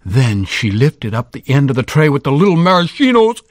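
A man telling a children's story aloud, lively, with sound effects and cheers. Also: medium pitch, normal speed, dry recording, clean studio sound. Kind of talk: animated oral storytelling.

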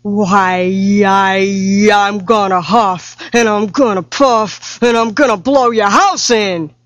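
A woman playing a slangy, slow-talking big bad wolf. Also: medium pitch, natural voice. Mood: sly. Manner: casual slangy sweet-talk. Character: sly hungry male big bad wolf, smooth-talking.

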